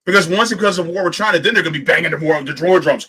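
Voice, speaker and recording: A man's voice: sits high, fast, pushed and bright, slightly rough. A man hosting a political livestream, arguing fiercely, firing off rhetorical questions and swearing now and then. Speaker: host.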